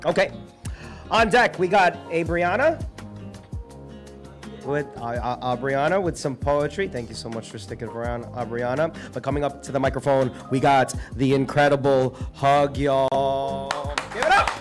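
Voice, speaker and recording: A man hosting an indoor open mic, energetic and casual, hollering for applause between acts. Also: medium pitch, moderate pace, soft background music.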